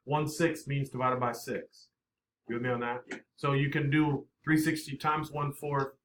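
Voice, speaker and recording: A man teaching a math class, brisk and coaxing, often checking in with the students. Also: medium pitch, little pitch movement, fairly bright tone. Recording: echoey classroom, faint noise.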